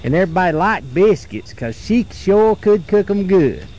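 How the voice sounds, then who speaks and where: A man telling a repetitive folk tale around a campfire outdoors, in a folksy, drawn-out way. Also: high voice, expressive, a little mellow, dull audio. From North Carolina. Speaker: storyteller.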